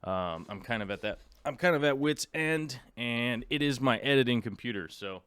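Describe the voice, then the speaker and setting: A man's voice: mid-range voice, lively intonation, moderate pace, a bit bright, smooth, no echo. Tired, rambling male stream host. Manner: rambling, restarts often, chats with viewers and dog. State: tired, jet lagged. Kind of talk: casual live stream chat. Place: home.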